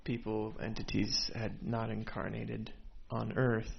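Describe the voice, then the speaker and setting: Slow, gravelly man telling a story. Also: fairly low pitch, monotone. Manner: hesitant, many "um"s and pauses. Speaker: forum participant. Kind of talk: casual storytelling in a group discussion. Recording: dull lo-fi with faint hiss.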